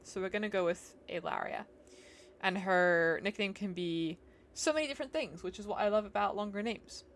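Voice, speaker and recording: A woman's voice: mid-range voice, moderate pace. A chatty, giggly woman, musing aloud as she streams herself playing a game. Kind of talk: casual live-stream chat while gaming.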